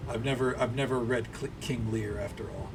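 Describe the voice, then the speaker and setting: A man's voice: medium pitch, fairly even intonation, brisk, background noise. A man, chatting casually and rambling while he streams a game. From American South. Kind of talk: casual livestream commentary.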